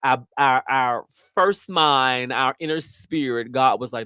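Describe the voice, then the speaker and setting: A man's voice: mid-range voice, slow pace, few pauses, bright, forceful tone, clear, resonant tone, no room sound, studio quality. A man hosting his show, telling a story in a brash, profane, sassy way. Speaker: host. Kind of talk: casual storytelling.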